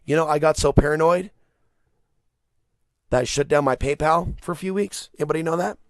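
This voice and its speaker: A male podcast host delivering a rambling, animated solo rant, swearing freely and breaking into laughter. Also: a little high, brisk, no room sound, clean studio sound. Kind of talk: casual monologue rant.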